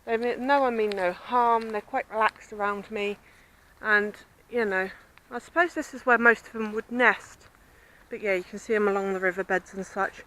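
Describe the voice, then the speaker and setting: A chatty woman with a southern English accent, rambling cheerfully through an outdoor vlog by the water. Her voice is bright and forceful, carrying well in the open air. Faint outdoor ambience with birds sits behind her. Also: medium pitch, fairly even intonation, normal speed, a little hiss or hum, poor audio. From Southampton, southern England. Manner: chatty, rambling, self-described babbling. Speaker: vlogger. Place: outdoors by a river with swans and ducks.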